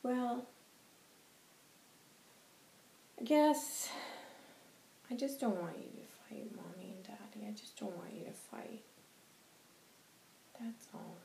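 A woman's voice: a little high, a little slow, a little mellow, reverberant, slight background noise, pitched above the performer's own voice. A woman voicing a small, hopeful little girl who pleads earnestly in a sing-song way. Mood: sad.

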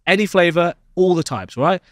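Animated young man telling a tall tale. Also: moderate pace, no echo, clean studio sound. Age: young adult. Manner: playful storytelling, lively swings in pitch. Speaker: podcast co-host. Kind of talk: comic casual chat.

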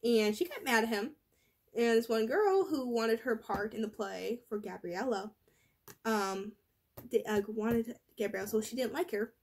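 A woman's voice: a little high, a little slow, breathy edge. A teenage girl rambling in a casual vlog, full of fillers and restarts, her voice worn from being sick. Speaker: vlogger.

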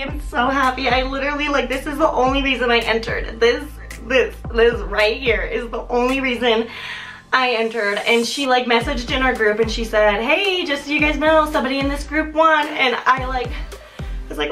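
A high-pitched young woman chats through an unboxing on camera, giggling and gushing. She talks casually and easily slips into excited squeals. There is light music underneath. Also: normal speed. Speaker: vlogger.

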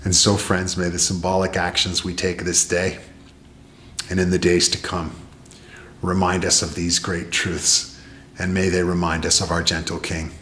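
A man's voice: deep voice, completely flat delivery, normal speed, fairly bright tone, roomy sound, slight background noise. A man preaching in a church, speaking earnestly and steadily, often repeating his phrases to drive a point home. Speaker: pastor. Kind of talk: sermon. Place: church sanctuary.

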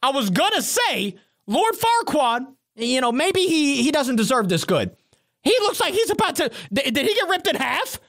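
A host commenting on a cartoon in an animated, incredulous way, often stopping to replay a scene. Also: high-pitched, normal speed. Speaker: reaction video host. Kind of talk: comedic cartoon reaction commentary. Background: music from the cartoon being watched.

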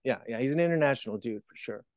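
A man's voice: medium pitch, expressive, racing, darkish tone, no echo. A man hosting an interview, chatting casually and encouraging his guest with enthusiasm. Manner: enthusiastic, encouraging, laughs often. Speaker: interview host.

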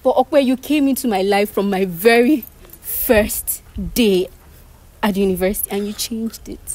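A woman's voice: mid-range voice, measured pace, a little mellow, rough recording. Emotional pleading young woman. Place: outdoors at a block-making yard.

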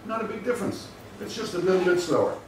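A man's voice: high voice, expressive, fast, slight background noise. A man giving a university lecture, explaining patiently with the odd dry aside. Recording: very echoey room, mic far off.

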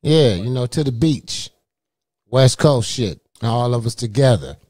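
A man from Southern California chats as a guest on a radio show, unhurried and playful. His voice sits in an ordinary middle range. It is recorded close and dry, with no room sound. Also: medium pitch, animated, dark tone, no room sound. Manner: laid-back, playful, drawn-out. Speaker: rapper guest. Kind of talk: casual radio interview.

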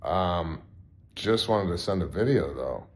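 A man's voice: deep voice, expressive, measured pace. A man co-hosting a podcast, talking loosely with swearing and calling people bro, then reading an ad. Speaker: podcast co-host. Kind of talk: casual podcast chat and ad read.

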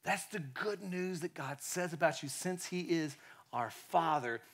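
Guy preaching a sermon, kinda high voice, gets loud then goes real quiet, acts out the quotes. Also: unhurried, vocal fry. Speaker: pastor.

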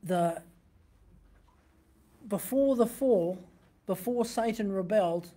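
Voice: medium pitch, slow pace, dark tone. A pastor giving a sermon, teaching conversationally from a printed text and often asking the listeners rhetorical questions.

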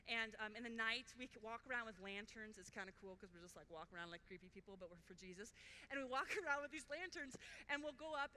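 A woman's voice: on the high side, bright, forceful tone. A woman speaking at a youth conference workshop, telling a faith story in an enthusiastic, casual way with lots of "like"s. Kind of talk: faith testimony talk. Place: large conference hall. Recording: echoey hall with faint noise.

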